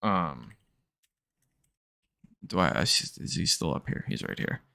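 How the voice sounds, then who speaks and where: A man's voice: rumbling low, sing-song, measured pace, creaky, bright, forceful tone, no room sound, studio quality. A man with a nasal voice, rambling through casual live-stream commentary, cutting himself off and swearing freely. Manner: rambling, self-interrupting, sprinkled with profanity.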